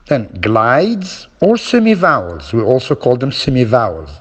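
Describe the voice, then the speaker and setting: A man teaching a phonetics lesson, slowly spelling out each sound with an example word. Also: mid-range voice, wildly swooping pitch, fairly bright tone, slightly rough, muffled recording.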